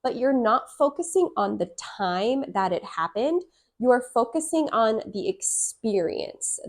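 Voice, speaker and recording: A woman teaching English grammar, reading each example sentence slowly and repeating it. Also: medium pitch. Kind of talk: slow, clear grammar lesson.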